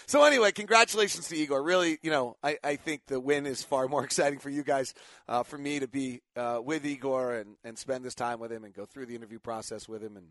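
A man's voice: medium pitch, quick pace, a bit bright, no room sound. A middle-aged man hosting a casual sports talk show, a rambling storyteller who keeps correcting himself, tired after little sleep.

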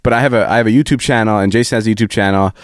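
A man's voice: fairly low pitch, very fast, dry recording, clean studio sound. A man hosting a casual podcast chat who asks a lot of questions and laughs often. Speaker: podcast host.

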